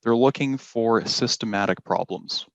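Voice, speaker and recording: A man teaching an exam-prep class, explaining slowly and deliberately and stressing key words. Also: medium pitch, creaky, no room sound. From Canada. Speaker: IELTS teacher. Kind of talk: classroom lesson.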